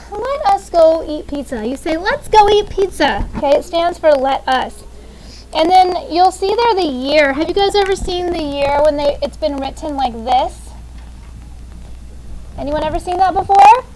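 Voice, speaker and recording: A woman's voice: very high voice, moderate pace, darkish tone, slight background noise, rough recording. A woman in her thirties teaching a classroom grammar lesson, upbeat and often checking in with "okay?". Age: 30s.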